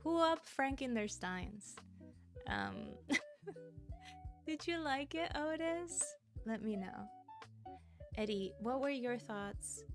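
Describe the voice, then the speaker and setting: A bubbly woman livestreamer with a slightly high voice chats and giggles with her viewers. She thanks them and rambles from topic to topic, with faint music playing behind her. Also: animated, slow, pauses often. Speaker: streamer. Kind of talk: casual livestream chat.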